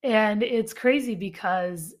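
Young woman coach rambling on her podcast, lots of "like" and "you know", acts out little quotes, middle pitch. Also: slow pace. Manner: chatty, animated, many fillers and acted-out quotes. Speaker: podcast host and life coach. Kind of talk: casual solo podcast talk.

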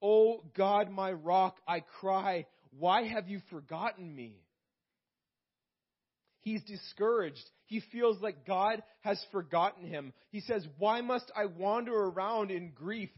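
A man preaching a sermon in church, calling out to the congregation and slowing down to read scripture aloud. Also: high voice, husky, lo-fi sound. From Canada. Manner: preaching with call-outs to the congregation. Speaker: pastor.

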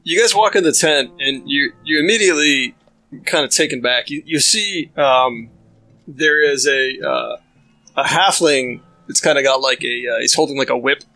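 A man's voice: mid-range voice, normal speed, pushed and bright, rough recording. A man narrating a tabletop game as game master, describing scenes loosely with many fillers.

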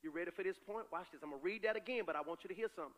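A man preaching a sermon as pastor, animated and conversational, swinging between loud cries and quiet asides. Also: high voice, racing.

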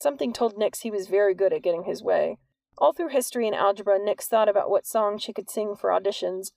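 Woman audiobook narrator, steady storytelling, gravelly voice, dry close recording. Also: medium pitch, fast talker, dry recording. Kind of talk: scripted narration.

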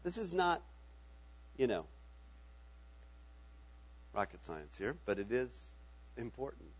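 A man's voice: medium pitch, highs cut off. A middle-aged man preaching a sermon in a conversational way, often checking in with his listeners. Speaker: pastor.

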